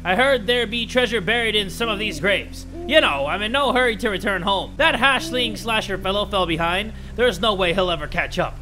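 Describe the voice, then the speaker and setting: A man doing a rough impression of Mr. Krabs, the greedy crab pirate. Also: sits high, moderate pace, few pauses, sharp tone, soft background music, low-quality recording. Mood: scheming. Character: gruff greedy old crab pirate captain. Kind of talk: video game commentary.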